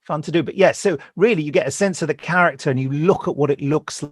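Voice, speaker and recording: A middle-aged man, a voice actor, telling anecdotes on a video call from home. He tells them in a lively way and acts out the voices of the people he quotes. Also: fairly high pitch, quick pace, dry recording, studio quality. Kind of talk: anecdotal interview chat.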